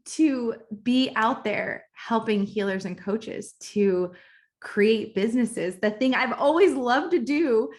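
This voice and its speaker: A woman's voice: fairly high pitch, takes it slowly. A woman in her thirties speaks as a business coach, telling her own story for a recorded course lesson. Her talk is candid and conversational, with restarts and fillers. She grows emotional and emphatic as she gets to her sense of purpose. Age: 30s. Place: at home, kitchen nearby.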